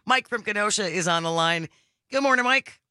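A woman's voice: mid-range voice, lively intonation, a little fast, sharp tone, no echo. A woman hosting a call-in radio show, reading listener texts aloud and taking callers. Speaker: radio talk show host. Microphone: studio microphone.

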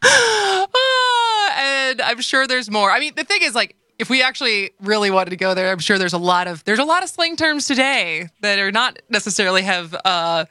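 A woman's voice: medium pitch, animated, brisk, few pauses, sharp tone, clear, resonant tone, dry recording, clean studio sound. A woman with a Wisconsin accent co-hosting a radio talk show, chatting loosely and giggling often. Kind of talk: casual radio chat.

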